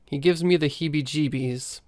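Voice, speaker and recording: A man's voice: on the high side, normal speed, darkish tone, no room sound, studio quality, natural voice. A man voicing a stern middle-aged police detective in a horror story reading, firm and formal.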